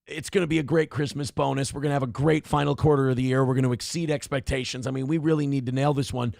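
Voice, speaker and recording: A man putting on a frantic, pushy office manager who pleads with his staff and then yells in high-pitched exasperation. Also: steady tone, quick pace, creaky, no echo, studio quality, lightly acted. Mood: urgent.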